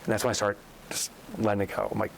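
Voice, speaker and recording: A lowish, gravelly male voice tells a fast, animated story in a podcast interview, where the guest is an author and business coach. He acts out every quote and his pitch spikes when he's incredulous. The rough recording carries a little hiss or hum.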